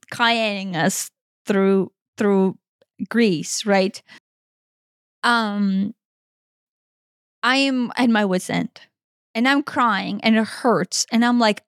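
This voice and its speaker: A woman's voice: on the high side, dry recording, studio quality. A woman in her forties co-hosting a podcast, talking in an earnest, emotional way and swearing freely. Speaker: podcast co-host. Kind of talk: casual conversation.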